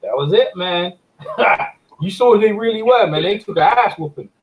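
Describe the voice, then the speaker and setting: A man hosting a casual chat, telling animated stories, laughing often and repeating words. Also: sits high, moderate pace, rough recording. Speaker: host and amateur boxing judge.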